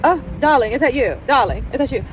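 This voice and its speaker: Woman putting on a high snooty diva voice, theatrical, far off with traffic behind. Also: lively intonation. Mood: haughty. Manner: theatrical, drawn-out "darling". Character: haughty posh diva woman, snooty and dismissive.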